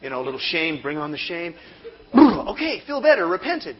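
A man's voice: a little high, very animated, normal speed, slightly rough, lo-fi sound. A man preaching a sermon, telling a comic story and acting out mock inner voices.

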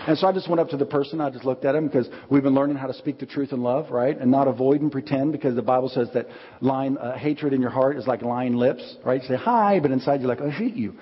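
A man preaching a sermon as pastor, telling stories with lively acted-out quotes. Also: mid-range voice, quick pace, few pauses, husky. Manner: animated storytelling, acts out quotes. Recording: dull audio with long hall reverb.

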